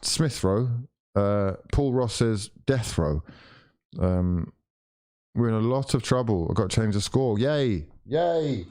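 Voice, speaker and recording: A young man ranting and swearing as he streams a live football watchalong, exasperated at his team. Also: slow pace. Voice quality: lively swings of pitch and loudness.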